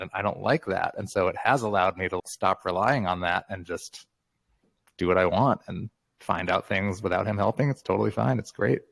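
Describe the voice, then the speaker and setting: A man in his fifties with a lowish voice speaks candidly as an interview guest, thoughtful and easygoing, often breaking into a laugh. The sound is dry and close, with no room around it. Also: gravelly, a bit bright, no room sound. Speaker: guest author. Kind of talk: casual interview talk.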